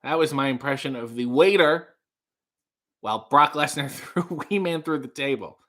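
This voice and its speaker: A man hosting a casual comedy livestream, reading viewer comments aloud with excitable, rambling asides. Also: mid-range voice, normal speed.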